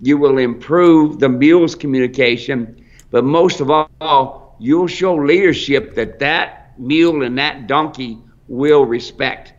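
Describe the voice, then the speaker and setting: A man's voice: mid-range voice, unhurried. A man with an American accent who owns a mule ranch, giving folksy training advice on a live stream and calling viewers folks. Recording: dull lo-fi live stream audio.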